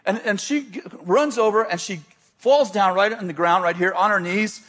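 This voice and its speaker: A man who is a pastor, telling a story in a sermon in a lively, self-deprecating way, often restarting his sentences. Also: sits high, moderate pace.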